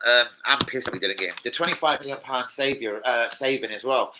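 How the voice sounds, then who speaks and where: A young man ranting casually to camera as a football fan vlogger, sweary, slangy and excitable. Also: mid-range voice, a little fast, background noise.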